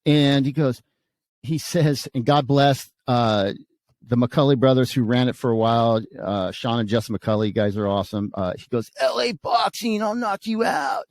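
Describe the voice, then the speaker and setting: A podcast host with a mid-range voice and moderate pace tells a story in casual podcast chat. He's animated and acts out what people said.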